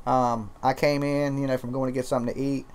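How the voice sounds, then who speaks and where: A man's voice: medium pitch, flat delivery, quick pace, darkish tone, clean tone. A man from Georgia with a twangy Southern accent, hosting a casual, profane, rambling livestream chat. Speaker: livestream host.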